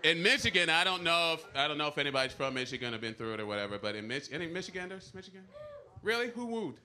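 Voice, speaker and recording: A man's voice: fairly high pitch, animated, fast, sharp tone. Man doing stand-up in a noisy club. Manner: conversational, teasing the crowd with rhetorical questions. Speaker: stand-up comedian. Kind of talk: stand-up comedy set. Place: comedy club stage before a live audience. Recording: noisy live club recording. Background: audience laughter.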